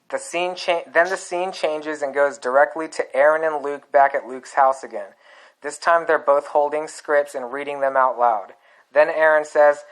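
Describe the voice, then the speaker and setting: A man narrating a screenplay aloud in a plain, unhurried, deadpan way. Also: a little high, rough recording.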